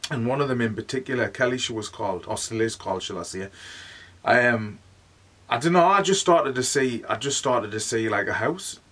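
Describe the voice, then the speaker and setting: A man with a Northeast English accent recounts his experiences in a loose, rambling way. His pitch sits in a middle range, and he talks casually with plenty of "like". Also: lively intonation, moderate pace, a bit bright, recorded from a distance. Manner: rambling, chatty, full of "like". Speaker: medium. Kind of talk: casual storytelling monologue.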